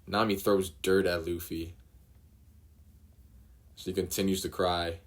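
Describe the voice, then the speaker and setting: Slow low-voiced man reading a comic aloud. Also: flat delivery. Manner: halting, with emotional asides. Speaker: streamer.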